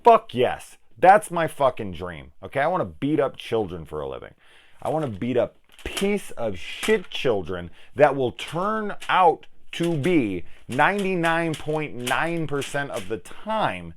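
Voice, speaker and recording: A man's voice: mid-range voice, sing-song, measured pace, slight background noise. A man hosting a film review channel, angrily ranting through a profane spoiler discussion.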